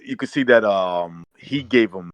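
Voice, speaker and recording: A man's voice: fairly low pitch, measured pace, clear, resonant tone, dry recording. A man hosting a boxing podcast, laid-back and friendly, with casual slang.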